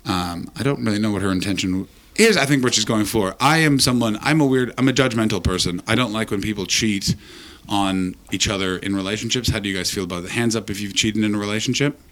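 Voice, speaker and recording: A man's voice: fairly low pitch, fast, a bit bright. A man hosting a live comedy podcast, joking crudely and teasing the audience. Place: live show venue with an audience.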